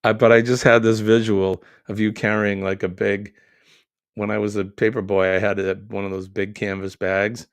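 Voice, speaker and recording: Gravelly-voiced man chatting on a live stream. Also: on the low side, little pitch movement, normal speed, no room sound. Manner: chatty, joking, reads comments aloud. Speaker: live stream host reading viewer comments. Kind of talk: casual live chat.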